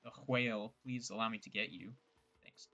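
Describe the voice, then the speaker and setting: A young man streams gameplay and gives loose, joking commentary, rambling along and teasing himself over his own phrasing. He speaks at normal speed with a lowish, steady, sharp voice. The recording sounds muffled, and faint music plays behind him.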